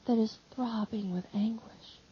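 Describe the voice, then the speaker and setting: A woman reading a devotional text aloud in measured, solemn narration. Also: on the high side, steady tone, husky. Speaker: audiobook reader. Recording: slightly dull lo-fi audio.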